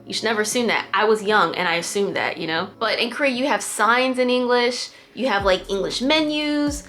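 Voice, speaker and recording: A woman's voice: on the high side, a little fast, faint music behind. A young woman vlogging in a chatty, playful way straight to her viewers. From United States. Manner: chatty, animated, playful asides. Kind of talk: casual chat to camera.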